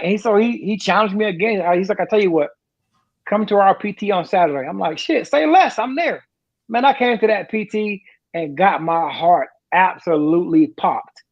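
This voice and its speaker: Man, 40s, high voice, profane animated storyteller, dull lo-fi audio. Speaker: retired sergeant major, podcast guest. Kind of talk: casual storytelling.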